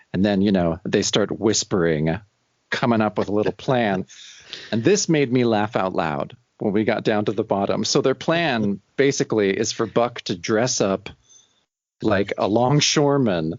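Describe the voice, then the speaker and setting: A man's voice: lowish voice, lively intonation, moderate pace, dry recording. Man, podcast co-host, casual chat, rambling, dry dull lo-fi sound. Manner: rambling, acts out dialogue in silly voices. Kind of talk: casual comic book discussion.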